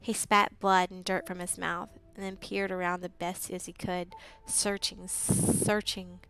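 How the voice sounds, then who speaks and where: A woman reading a fantasy novel aloud as narrator, steady and even, with occasional slips. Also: on the low side, measured pace, low-quality recording. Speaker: audiobook reader. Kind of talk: live book reading narration.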